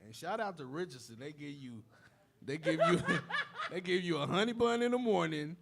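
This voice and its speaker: A man co-hosting a podcast, telling profane stories in an animated, laughing way. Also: on the high side, moderate pace, vocal fry, heavy background noise. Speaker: podcast co-host. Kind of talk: casual storytelling chat.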